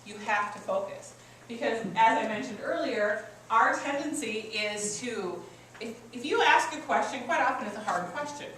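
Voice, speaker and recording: Her fairly high, expressive, fairly bright voice moves at normal speed as this customer service coach gives a workshop to an audience in a meeting room. She keeps her teaching conversational, drawing on personal stories. The far-off, echoey recording has faint ambience plus a little hiss or hum.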